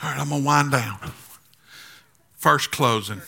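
A man's voice: mid-range voice, a little slow, creaky, bright, forceful tone. A man preaching a sermon as pastor, building to emphatic, repetitive declarations. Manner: repetitive rhetorical phrasing.

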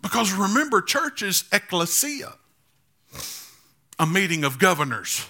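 High gravelly preaching man. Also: big pitch swings, unhurried, sharp tone. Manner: preaching with rising emphatic build-ups; repetitive rhetorical phrasing. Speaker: pastor. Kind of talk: sermon.

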